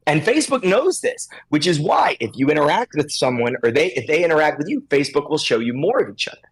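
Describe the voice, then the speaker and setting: With a fairly high, husky, sing-song voice and a quick pace, a man appears as a podcast's guest expert, emphatically coaching stylists. He performs small scenes in assorted voices over a rough-sounding recording.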